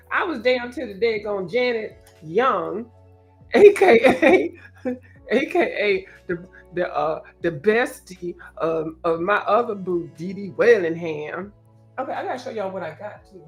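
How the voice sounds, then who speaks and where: Chatty woman hosting an art livestream. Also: medium pitch. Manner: chatty, joking, talks straight to viewers. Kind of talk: casual livestream chat. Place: at home.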